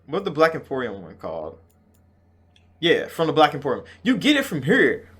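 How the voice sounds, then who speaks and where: A young man with a fairly high voice talks through a video game in a loose, profane reaction chat. He jumps from loud, excited bursts to slow, heavy emphasis as he vents about the game. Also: husky. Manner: excitable, profane, swings between loud outbursts and drawn-out slow stresses. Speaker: gaming channel host. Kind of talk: casual game reaction talk.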